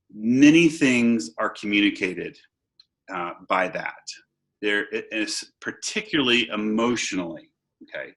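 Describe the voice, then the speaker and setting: A man with a lowish, bright and forceful voice leads a seminar over a video call. He talks in a conversational way, pausing on fillers and starting over, then leaning on his main points. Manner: conversational, pauses with fillers and restarts, stresses points. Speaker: seminar presenter and pastor. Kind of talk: online seminar lecture.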